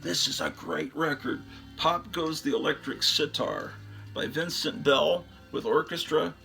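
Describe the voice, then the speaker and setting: Gravelly, lively man chatting casually. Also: fairly high pitch, a little slow, faint music behind. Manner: rambling, enthusiastic, trails off with fillers. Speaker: host showing his record collection. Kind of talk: casual chat about vinyl records.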